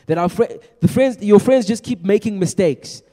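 A young man preaching to a youth group in a chatty, energetic way, often repeating his words. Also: sits high, normal speed. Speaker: youth pastor. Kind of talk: youth sermon. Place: large room with a youth audience. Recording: long echo of a large hall.

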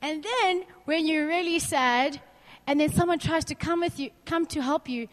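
A young woman with a high, bright-pitched voice talks to a group about faith in a chatty, candid way. She keeps asking the room questions and draws on her own stories. Her voice rings out with a long reverb, as if in a large hall. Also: normal speed. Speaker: youth speaker. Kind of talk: informal faith talk to a group.

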